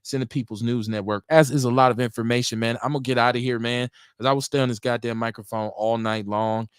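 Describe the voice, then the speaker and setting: A fast-talking middle-aged man from Milwaukee hosts a casual solo podcast, drifting from one subject to another in a rambling way. His tone is clean, his pitch average, and it jumps up often in lively swings as he gets going. The audio is dry and close, with no surrounding room.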